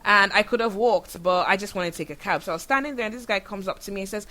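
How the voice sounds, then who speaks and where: A woman from Nigeria with a Nigerian accent, hosting a show and telling stories in a chatty, animated way full of fillers. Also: mid-range voice, quick pace, hardly any pauses. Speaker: podcast host. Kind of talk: casual storytelling monologue.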